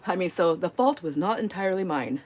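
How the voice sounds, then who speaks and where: A middle-aged woman talks through a relaxed live crafting session at home. She rambles, trips over her words and dissolves into giggles, and her pitch sits in an ordinary middle range. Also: husky. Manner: rambling, giggly storytelling with many fillers. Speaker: live-stream crafting host. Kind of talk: casual chat while crafting.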